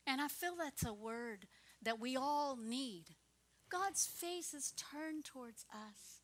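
A woman pastor preaching a sermon earnestly, dropping to soft whispers and rising to fervent prayer. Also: sits high, expressive, slow pace.

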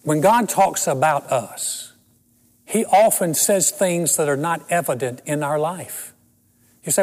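Man in his 60s, pastor with a somewhat high voice, preaching through funny personal stories, echoing in a large hall. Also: unhurried, a little mellow. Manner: storytelling with self-deprecating humor. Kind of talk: sermon.

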